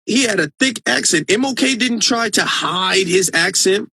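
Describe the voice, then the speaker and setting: High-voiced man hosting a casual live stream. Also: animated, normal speed, vocal fry, bright, forceful tone, a little hiss or hum. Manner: earnest, emphatic, frequent restarts. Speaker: live-stream host reading viewer comments.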